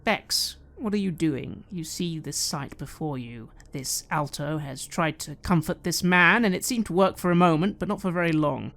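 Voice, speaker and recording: A woman's voice: low-pitched, moderate pace, gravelly, hardly any pauses, fairly bright tone. A woman running a tabletop game as game master, describing scenes and asking players what they do.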